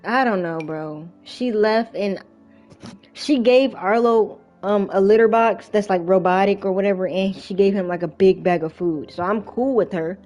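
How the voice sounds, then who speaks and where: A woman's voice: medium pitch, normal speed, a little mellow, faint music behind. Chatty young woman telling a story. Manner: chatty, rambling, frequent fillers. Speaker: vlogger. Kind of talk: casual storytime while playing a game.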